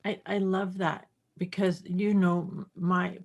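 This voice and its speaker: A woman co-hosting a podcast in casual chat, speaking reflectively and pausing to find her words. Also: on the low side, little pitch movement, creaky, a little mellow, muffled recording. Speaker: podcast co-host.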